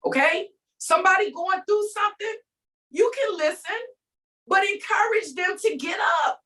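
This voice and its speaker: Emphatic high-voiced woman venting faithfully. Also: fairly bright tone, recorded from a distance, poor audio. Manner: preachy, emphatic, calls out to listeners. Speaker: faith vlogger. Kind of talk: inspirational rant.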